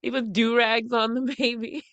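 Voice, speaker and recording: A woman's voice: on the high side, little pitch movement, moderate pace, a bit bright, no room sound, lo-fi sound. A woman co-hosting a podcast in casual chat, gossiping bluntly with frequent cursing and laughing through her sentences. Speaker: podcast co-host.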